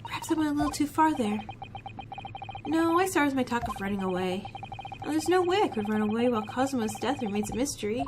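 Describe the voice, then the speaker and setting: A woman's voice: fairly high pitch, expressive, a little fast, noisy background, lightly acted. A woman reading the lines of a polite young male student, with hesitant, courteous questioning.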